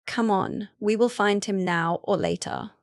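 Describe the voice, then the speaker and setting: A woman's voice: medium pitch, measured pace, no room sound, clean studio sound, close to an everyday voice. A woman voicing a disappointed female inner wolf speaking in a storybook heroine's mind.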